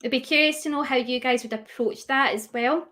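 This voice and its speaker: A woman's voice: sits high, a little fast, fairly bright tone. A young woman teaching a live online class on dog grooming, asking her audience questions and reading out their chat answers. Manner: chatty, asks the audience questions, reads out chat replies.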